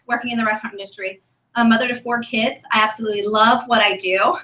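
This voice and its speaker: Woman, enthusiastic motivational testimony, chatty and emotional, crisp bright voice. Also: fairly high pitch. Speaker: speaker at a sales meeting. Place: meeting room, on a stage. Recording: echoey room from a distant mic.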